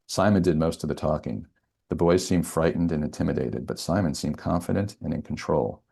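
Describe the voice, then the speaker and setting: A male novelist reads his own thriller aloud in a steady, measured way. His voice sits extremely low, with a gravelly creak and a husky, rough edge.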